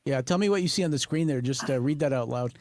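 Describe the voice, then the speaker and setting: A man hosting a podcast interview, friendly and halting as he talks. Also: mid-range voice, a little mellow, no echo. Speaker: podcast host. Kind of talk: conversational interview.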